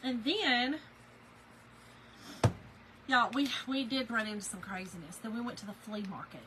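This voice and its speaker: A woman's voice: medium pitch, quick pace, background noise. A woman, chatting and laughing as she tells a story to her viewers while working on a craft project. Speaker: craft video host.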